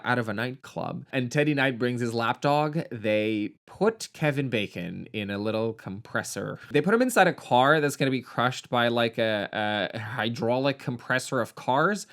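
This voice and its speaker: Casual male film reviewer, mid voice, snarky, quick to laugh. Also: medium pitch, expressive, fairly bright tone. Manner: sarcastic, swears, laughs often.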